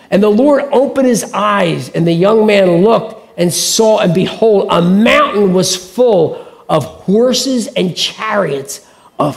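Male pastor, chatty animated preaching style, raspy fry, higher register. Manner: conversational, animated storytelling with acted-out voices. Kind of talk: sermon.

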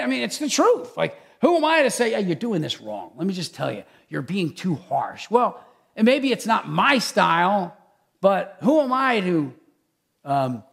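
A man who is a pastor, preaching a conversational sermon in an animated, chatty way with many asides. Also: sits high, gravelly.

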